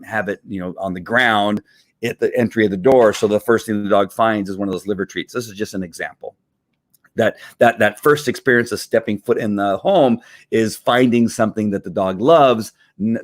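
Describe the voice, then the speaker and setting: Low-voiced man talking dog training. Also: dry recording. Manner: rambling, many fillers and restarts, acts out dog voices. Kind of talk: casual talk answering viewer questions.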